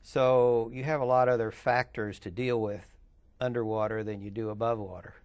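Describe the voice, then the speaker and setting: An older man sits as an interview guest and tells his stories at a relaxed, rambling pace. He stops often on fillers and restarts, and his voice sits in a typical middle pitch for a man. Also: smooth. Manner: rambling, chatty, with filler pauses. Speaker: interview guest, underwater photographer. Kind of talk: casual interview storytelling.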